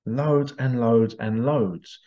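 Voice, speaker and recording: A man's voice: medium pitch, slow pace, dark tone. A man, talking in a rambling, emphatic monologue and repeating his points. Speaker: hypnotherapist giving his views. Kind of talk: casual monologue. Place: small stuffy room. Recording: slightly dull lo-fi sound.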